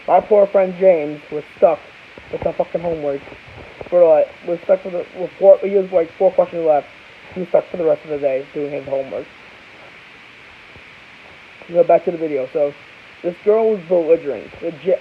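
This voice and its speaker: A man's voice: high voice, normal speed. A young man from Florida telling a rambling, casual story to camera as a vlogger, full of restarts and asides. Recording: tinny phone-like audio with faint hiss.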